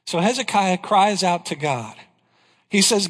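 A male pastor preaching a sermon in a church, emphatic, asking rhetorical questions and dropping to a hush on key lines. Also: sits high, expressive, a little slow. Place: church sanctuary. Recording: long hall reverb.

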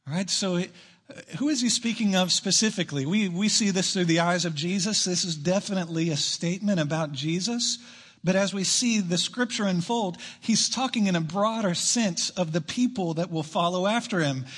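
A man preaching a sermon to his church, emphatic, rushing through asides and slowing down to stress key lines. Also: high-pitched, a bit bright, breathy edge. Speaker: pastor. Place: church sanctuary.

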